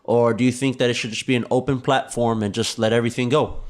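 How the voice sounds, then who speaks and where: A man's voice: mid-range voice, little pitch movement, fast talker. Jokey man co-hosting a chat show. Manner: jokey, laughs easily, wry asides. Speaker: podcast co-host. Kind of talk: casual chat.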